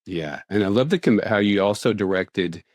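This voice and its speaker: A man co-hosting a podcast who speaks reflectively, searching for words and laughing softly. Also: lowish voice, moderate pace, no echo. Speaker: podcast co-host. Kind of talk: conversational podcast chat.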